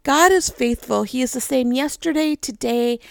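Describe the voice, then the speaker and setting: A woman giving a casual devotional talk, telling a personal story with animated acted-out voices. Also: high-pitched, moderate pace, creaky, no room sound, clean studio sound. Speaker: devotional speaker.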